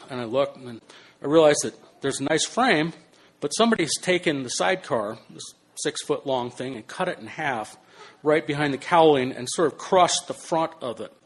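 Brief: older male storyteller, mid-pitched, animated delivery that drops to hushed and bursts loud, casual swearing. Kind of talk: spoken personal anecdote.

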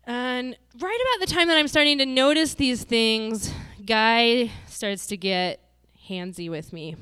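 A woman's voice: medium pitch, fairly bright tone, smooth, dry recording. Dramatic storyteller woman from Montana. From Montana, USA. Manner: vivid, dramatic retelling. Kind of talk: personal storytelling.

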